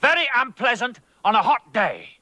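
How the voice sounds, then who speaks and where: A man putting on a shrill sneering posh toff. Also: wildly swooping pitch, normal speed, sharp tone, no room sound, exaggerated voice. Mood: disdainful.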